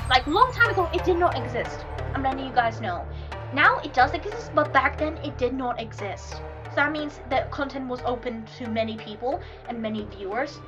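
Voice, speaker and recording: A young woman with a high, light voice chats loosely and keeps wandering off topic, talking half to herself. Music plays clearly underneath her the whole time. It is a relaxed streamer ramble, not a prepared script. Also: poor audio. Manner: rambling, easily sidetracked, chatty. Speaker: streamer chatting while drawing. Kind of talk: casual rambling chat.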